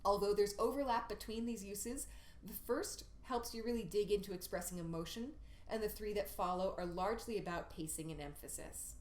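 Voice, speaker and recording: A woman teaching acting text work in a recorded workshop lesson, explaining clearly and acting out sample lines. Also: mid-range voice, moderate pace, darkish tone, reverberant. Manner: clear, explanatory teaching with demonstrated line readings.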